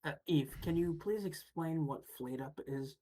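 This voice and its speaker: A woman chatting with friends on a livestream, hesitant and filling pauses with ums. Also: sits low, warm tone, slight background noise. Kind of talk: casual chat among friends on a livestream.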